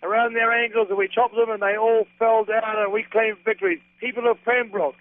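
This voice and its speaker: Older kiwi guy yelling wrestling promo stuff, high voice, dry phone sound. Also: level tone, fairly quick, no room sound. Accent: New Zealand. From New Zealand. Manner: boisterous, hammy wrestling persona full of slang. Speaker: professional wrestler guest. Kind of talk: over-the-top wrestling promo banter. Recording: tinny dry phone line.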